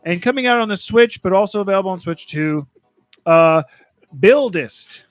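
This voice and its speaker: A man's voice: high voice, lively intonation, moderate pace. A man co-hosting a podcast, casually reading a list of game releases and joking as he stumbles over titles.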